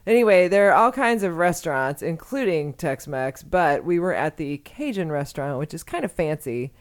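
A woman's voice: lowish voice, expressive, normal speed. A woman from Texas co-hosting a podcast in casual chat, talking in an exclamatory, rambling way and swearing freely. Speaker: podcast co-host.

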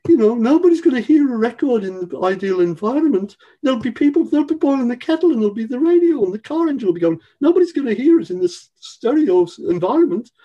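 A man imitating a shrill Brummie record boss. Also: animated, warm tone, muffled recording. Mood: lecturing. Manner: brisk, lecturing, matter-of-fact. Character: high-pitched male record boss with a Midlands accent, blunt and logical.

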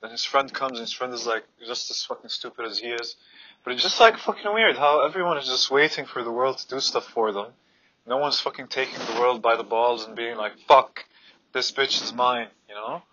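A man's voice: medium pitch, fairly quick, sharp tone, dull audio. A man on a heated personal rant, blunt, fired up and swearing freely.

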